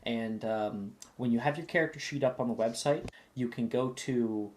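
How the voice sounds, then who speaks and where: A man serving as game master, explaining rules in a relaxed, instructive way. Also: medium pitch, moderate pace, slight background noise. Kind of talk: running a tabletop game.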